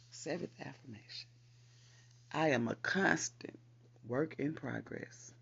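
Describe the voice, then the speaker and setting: Host voice: a man with a husky, gravelly tone, leading affirmations, lo-fi recording. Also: medium pitch, a bit bright. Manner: repeats lines slowly for emphasis, encouraging. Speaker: podcast host. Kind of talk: spoken affirmations.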